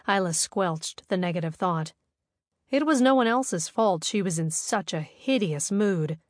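A woman narrates a romance novel in a low, smooth voice. Her storytelling is steady and even. The recording is close and dry, with no room sound. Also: dry recording. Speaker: audiobook narrator.

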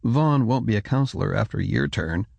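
A man voicing the measured, diplomatic head of a scholarly order. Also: on the low side, gravelly, no echo, heavily acted. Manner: calm, careful, diplomatic.

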